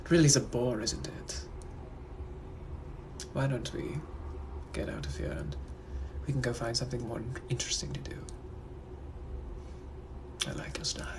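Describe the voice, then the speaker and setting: A man voicing a suave, menacing Victorian gentleman butler with a put-on British accent, in whispered role-play, speaking slow, hushed and deliberate. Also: mid-range voice, steady tone, close to an everyday voice. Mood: flirtatious. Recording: noisy background hiss.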